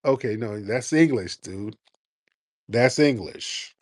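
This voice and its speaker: A man's voice: medium pitch, lively intonation, slow pace, dry recording, studio quality. A man hosting a call-in radio show who argues sharply and presses his caller.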